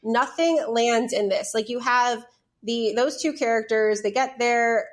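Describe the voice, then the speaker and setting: A chatty woman co-hosts a casual film podcast and retells scenes with animation. Her voice sits a little higher than average. She talks in easy, conversational bursts. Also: unhurried. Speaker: podcast co-host.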